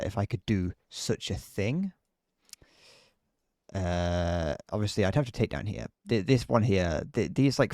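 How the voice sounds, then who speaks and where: A man's voice: low voice, darkish tone, no room sound, clean studio sound. Rambling British man streaming a game. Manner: rambling, laughs often, frequent restarts. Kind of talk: casual live-stream chat while gaming.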